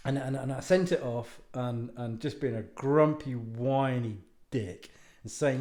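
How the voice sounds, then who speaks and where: A man's voice: mid-range voice, measured pace, darkish tone. Rambling man in an echoey room. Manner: rambling, self-mocking, swears casually. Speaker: author talking to viewers. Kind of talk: casual rambling monologue. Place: home lounge. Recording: roomy echo.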